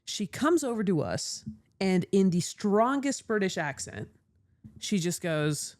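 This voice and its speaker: A young woman tells stories in casual podcast chat. Her voice sits at a middling pitch, and her delivery is animated and self-mocking. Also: measured pace. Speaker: podcast co-host.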